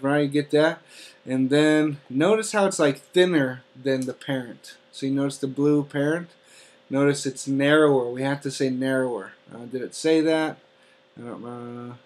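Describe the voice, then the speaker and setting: A man teaching an algebra lesson step by step, often checking in with "okay?". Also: mid-range voice. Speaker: math teacher. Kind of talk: classroom math lesson.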